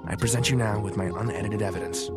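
Man playing a grave researcher narrating an audio drama intro, measured and solemn, lowish voice, loud music behind. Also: close to an everyday voice. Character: Doctor Bill Farber, grave male researcher presenting found tapes.

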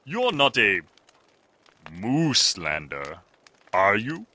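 A man playing a jolly Viking innkeeper in a comedy radio play, his husky voice swooping wildly up and down. He pushes his food on guests with theatrical eagerness, bright and forceful in tone. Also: fairly low pitch, wildly swooping pitch, extremely slow, full character voice. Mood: confiding. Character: hearty middle-aged Viking innkeeper man.

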